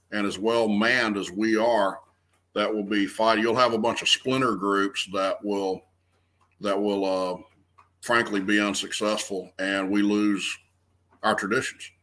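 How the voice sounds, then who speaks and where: A Southern American man in his 50s speaks earnestly as a guest in a conversational interview, often restarting phrases and stressing key words. His voice is fairly low in pitch and a bit bright, and the recording is low quality.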